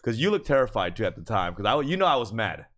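A man hosting a casual podcast, animated, laughing often and swearing while telling stories. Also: on the low side, fast talker, dry recording. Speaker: podcast host.

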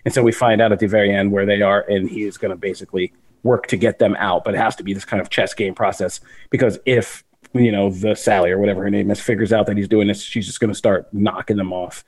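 A man's voice: lowish voice, fairly even intonation, quick pace, darkish tone. A man hosting a casual entertainment podcast, telling stories with playful, exaggerated quoted voices. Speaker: podcast host. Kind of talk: casual chat.

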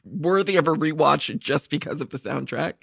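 A woman co-hosting a podcast in casual chat, who talks fast, goes off on tangents and swears. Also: sits low, vocal fry, fairly bright tone, breathy edge, dry recording, clean studio sound. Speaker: podcast co-host.

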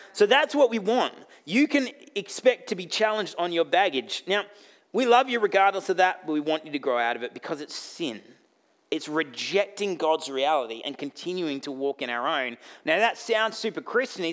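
Delivering a sermon in a high voice, an Australian pastor is blunt and full of jokes. He alternates between booming outbursts and hushed side remarks.

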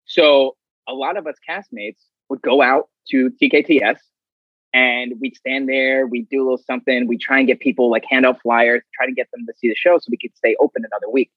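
A man with a husky, slightly breathy voice tells stories casually and acts out other people's lines with energy. The sound is dry and close, in a dull, slightly muffled recording. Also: medium pitch, flat delivery, fairly quick, dry recording. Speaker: guest. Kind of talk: casual storytelling.

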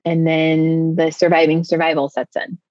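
A woman from the United States speaks as a guest, recounting a personal ordeal in a vivid, tumbling way, leaning on filler words. Her voice sits fairly low. The recording is dry and slightly muffled. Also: completely flat delivery, moderate pace, darkish tone, no echo. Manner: vivid, breathless retelling with frequent "like" fillers. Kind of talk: emotional personal storytelling.

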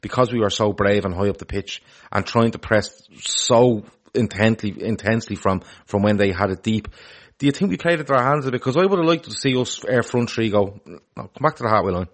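A man co-hosting a casual football chat show, animated and opinionated, swearing freely. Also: fairly low pitch, brisk. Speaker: podcast co-host.

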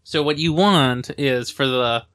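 A man co-hosting a podcast and running the recording setup, easygoing and quick to laugh. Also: medium pitch, a bit bright, smooth. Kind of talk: casual chat. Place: small studio.

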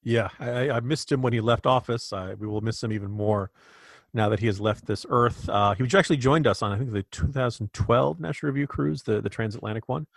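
A man's voice: medium pitch, fairly quick, vocal fry, dry recording, studio quality. A man co-hosting a podcast, giving opinionated political commentary with frequent restarts. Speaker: podcast co-host.

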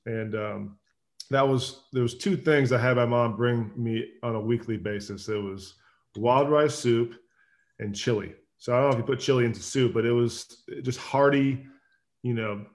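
A man in his thirties from Minnesota, a guest chatting casually in a relaxed way and letting his sentences trail off quietly. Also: medium pitch. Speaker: guest, former football player. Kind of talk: casual interview chat.

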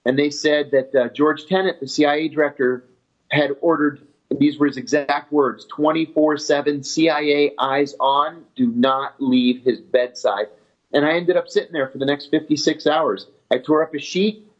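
A man telling his story in an interview in a steady, matter-of-fact way. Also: fairly high pitch, fairly quick. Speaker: former intelligence officer telling his story. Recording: dull lo-fi audio.

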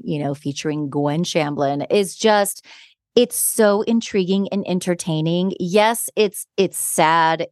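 Animated, laughing woman podcast host. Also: fairly low pitch, no room sound, studio quality. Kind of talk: casual chat.

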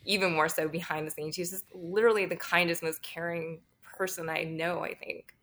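A woman's voice: on the low side, fairly even intonation, normal speed, a bit bright, a little hiss or hum. A woman talking candidly as an interview guest, laughing often and swearing freely. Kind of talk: casual interview chat.

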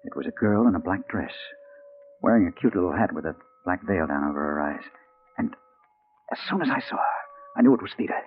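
A man's voice: low voice, animated, fairly quick. A man playing a hard-boiled male crime reporter in a 1940s radio drama, narrating and talking in an urgent, anxious way. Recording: tinny old 1940s radio broadcast.

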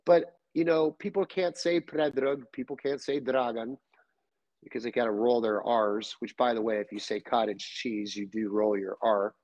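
A middle-aged man with a Serbian accent, a podcast guest telling loose, animated stories in casual chat. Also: mid-range voice, normal speed, no echo, highs cut off. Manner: animated, loose storytelling with many fillers.

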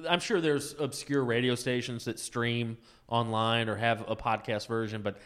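A man's voice: mid-range voice, fairly even intonation, moderate pace, a bit bright, smooth. A man who used to work in radio, chatting easily as a podcast guest. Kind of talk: casual chat.

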